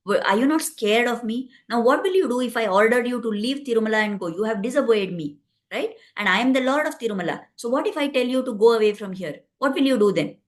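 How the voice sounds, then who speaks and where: A woman's voice: fairly high pitch, expressive, fast, close to an everyday voice. A woman voicing a commanding male deity in a spoken devotional story.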